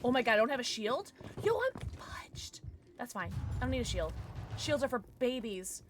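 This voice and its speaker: A young woman streaming a video game, excitable, swearing and joking about her own play. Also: a little high, brisk, music in the background. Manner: excitable, swears a lot, self-deprecating. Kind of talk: live gameplay commentary.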